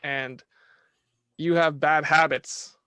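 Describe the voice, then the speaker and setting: A man talking as a podcast guest in casual conversation, animated, restarting his sentences and asking "right?" often. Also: a little high, slow pace, smooth, no room sound.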